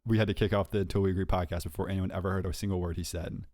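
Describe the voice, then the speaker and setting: A young man co-hosting a podcast, telling a story in a lively, self-mocking way and laughing often. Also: sits low, rapid-fire, no echo, clean studio sound. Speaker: podcast co-host. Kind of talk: casual chat, storytelling.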